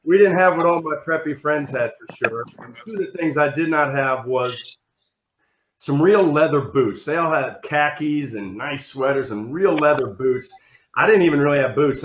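A man telling a rambling, self-mocking comic story over a video call, acting out other people with big shouts. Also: mid-range voice, roomy sound, a little hiss or hum, rough recording. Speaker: storyteller on a comedy show.

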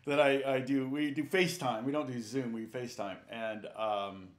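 A man's voice: medium pitch, fairly even intonation, moderate pace. A middle-aged man teaching guitar on a live stream, rambling and chatting with viewers, laughing often and counting out notes. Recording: echoey room with loud guitar playing.

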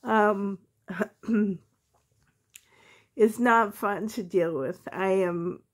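A woman with a cold, sounding hoarse, chatting casually to her viewers in a vlog and laughing often. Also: medium pitch, extremely slow. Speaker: reborn doll hobby vlogger.

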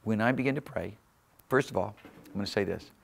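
In a church sanctuary, a man with a low, gravelly voice preaches a brisk sermon to his congregation. Sudden loud surges and easy chuckles drive his points home, and he speaks with the conviction of a seasoned pastor at the pulpit.

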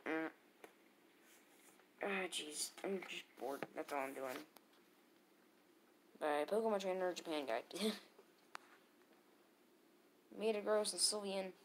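A woman casually commentating her own game battles, muttering to herself and bursting into loud cheers. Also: on the low side, slow pace, long pauses, a little hiss or hum.

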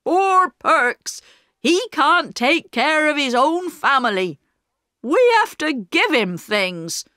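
A woman voicing a proud, poor working man who speaks slowly and stubbornly, in a storybook reading. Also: high voice, big pitch swings, sharp tone, no echo, clean studio sound, pitched above the performer's own voice, full character voice. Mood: angry. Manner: slow, stubborn, heavy emphasis.

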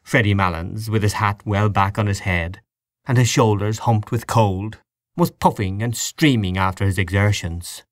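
A man reading a classic story aloud as audiobook narrator, measured and expressive. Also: fairly low pitch, no room sound, clean studio sound. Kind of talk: scripted narration.

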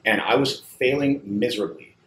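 A man who owns a barbershop, chatting casually as a guest, animated and swearing freely with lots of "like" fillers. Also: mid-range voice, normal speed. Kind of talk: casual chat. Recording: roomy echo, faint background hum.

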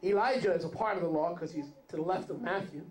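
A rabbi delivers a sermon in a fast, high-sitting male voice, joking around and putting questions to his congregation in a conversational way. The recording has the sound of a roomy hall.

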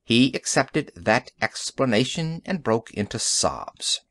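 A man narrating a science fiction story in an audiobook, with an expressive storytelling delivery. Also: mid-range voice, slow.

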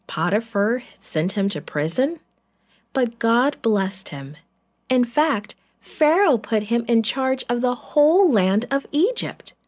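A woman narrating a children's Bible story in a gentle, clear, deliberate way. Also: fairly high pitch.

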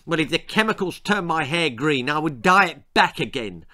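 Man putting on a shrill spoiled teenage girl. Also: animated, moderate pace, sharp tone. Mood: haughty. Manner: haughty, sulky and shrill.

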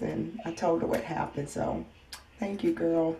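A woman with a low, gravelly voice gives a casual health update from home. She sounds weary and in pain. She speaks softly and haltingly, with frequent ums and sighs. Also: slight background noise. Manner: soft-spoken, halting with many ums and sighs. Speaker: vlogger. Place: home, indoors.

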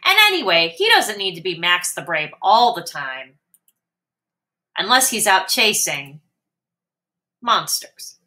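A woman reads a picture book aloud for young children, slow and clear. Her voice is bright and high, with big, lively swings in pitch. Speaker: storyteller.

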